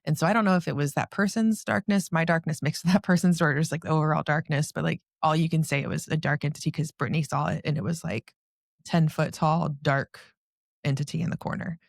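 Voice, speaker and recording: Woman guest, gravelly voice, dry close sound; emotional personal story full of "like"s. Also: low-pitched, steady tone, fast talker, no room sound. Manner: breathless, frequent "like" fillers. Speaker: podcast guest.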